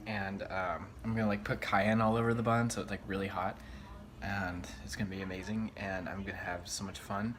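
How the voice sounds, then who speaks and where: Excitable young man rambling in a kitchen. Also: on the low side, fairly quick, background noise. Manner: excitable, rambling, swears often, many "like" fillers. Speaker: vlogger. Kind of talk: casual cooking vlog chat. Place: home kitchen. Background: frying sizzle.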